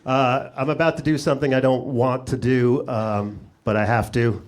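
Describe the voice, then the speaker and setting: A man's voice: mid-range voice, fairly even intonation, moderate pace. A middle-aged man doing a sarcastic stand-up set on a comedy club stage, talking into a handheld mic. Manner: sarcastic, riffing. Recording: noisy live club recording.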